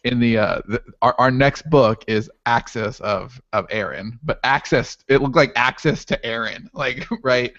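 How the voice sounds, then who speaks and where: A man co-hosting a casual podcast, relaxed and easily amused, who often breaks into laughter. His voice sits at a middle pitch. The recording sounds muffled and lo-fi. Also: a little slow, few pauses, no echo. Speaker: podcast host.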